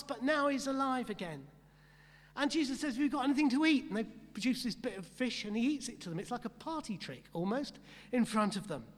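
A man delivers a sermon in a notably high voice, driving his points home with repeated phrases and questions put to the congregation. His words ring out with a long reverb, as if heard in a church hall. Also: fairly bright tone. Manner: rhetorical, repetitive emphasis, asks the congregation questions. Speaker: pastor.

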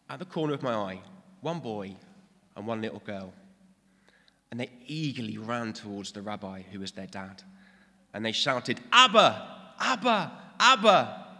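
A young British man, a new father, preaching an earnest and reflective sermon with personal stories. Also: fairly low pitch. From Britain. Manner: warm, earnest, reflective storytelling. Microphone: stage mic, later handheld. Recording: long reverb in a large hall.

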